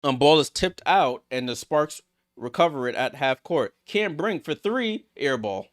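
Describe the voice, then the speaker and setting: A man hosting a live watchalong stream, calling basketball play-by-play and reacting excitedly to each play. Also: fairly high pitch, unhurried. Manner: excitable, rattles off passes, reacts aloud. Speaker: watchalong host.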